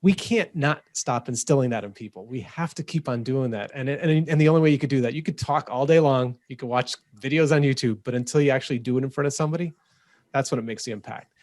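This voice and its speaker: A man co-hosting a podcast, talking in energetic, quick bursts with lots of restarts. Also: medium pitch, no room sound, studio quality. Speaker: podcast co-host. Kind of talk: casual podcast chat.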